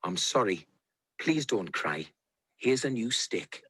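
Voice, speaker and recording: A man's voice: mid-range voice, sing-song, takes it slowly, fairly bright tone, slightly rough, heavily acted. A man reading a storybook aloud and voicing a boisterous, stubborn young tomato who later apologizes. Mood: apologetic.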